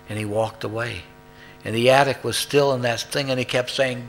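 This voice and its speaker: Man sharing at a recovery meeting, emphatic storyteller, bright tone. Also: lowish voice, fairly even intonation, fairly quick, faint music behind. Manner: emphatic, rising to loud peaks. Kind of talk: personal storytelling share.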